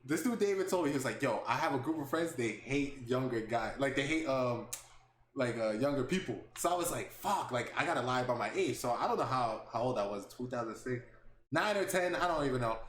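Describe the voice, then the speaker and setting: A young man hosting a podcast, telling a story in casual chat, animated and laughing, swearing freely. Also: mid-range voice, a little fast. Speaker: podcast host. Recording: echoey room with faint background noise.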